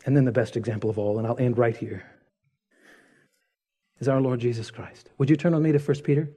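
Husky-voiced preacher, dramatic swings. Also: male voice, mid-range voice, fairly even intonation, brisk. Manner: dramatic, swings from loud retelling to hushed intensity. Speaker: pastor. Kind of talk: sermon.

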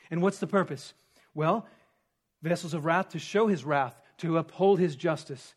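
Male pastor, high voice, teaching sermon, alternates forceful emphasis with soft hushed asides. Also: normal speed. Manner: swings from emphatic to hushed, near-whispered stress; teaching with rhetorical questions. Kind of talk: expository sermon.

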